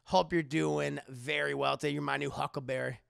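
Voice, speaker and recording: A man recapping an anime episode on a live stream, casual, animated and profane. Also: fairly high pitch, brisk, vocal fry, smooth.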